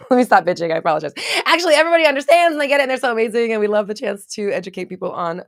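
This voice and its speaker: A young woman who works as a manifestation coach, chatting casually on a livestream and reading viewer comments, candid and quick to laugh and swear. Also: on the high side, animated, no room sound. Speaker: manifestation coach and online creator.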